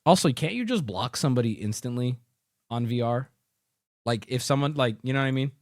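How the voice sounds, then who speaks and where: A man's voice: mid-range voice, lively intonation, fairly quick, no echo, studio quality. A male streamer doing profane reaction commentary, ranting in disbelief. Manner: incredulous ranting, swings up loud.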